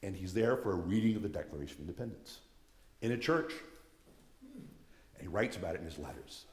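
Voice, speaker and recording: Man, low voice, earnest lecturer who restarts phrases; reverberant church hall sound. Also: expressive, brisk.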